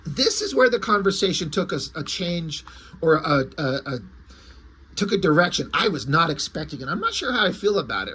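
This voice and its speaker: A man's voice: sits high, pushed and bright, slightly rough. A man casually reviewing an old comic book, rambling and correcting himself as he goes, with the odd swear word.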